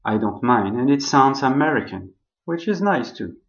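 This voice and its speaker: A man introducing himself and guiding listeners through a pronunciation exercise, enunciating each word slowly and carefully. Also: mid-range voice, expressive. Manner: slow, careful, deliberate enunciation. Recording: dull lo-fi recording.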